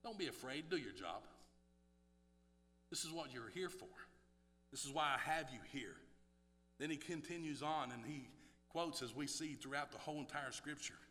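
A man preaching a sermon, swinging from hushed, low passages to loud, shouting exhortation. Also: animated, moderate pace, long pauses, long reverb tail, faint music behind.

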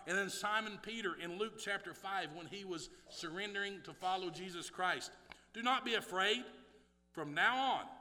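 A man preaching a sermon, swinging from hushed, low passages to loud, shouting exhortation. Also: in a large hall.

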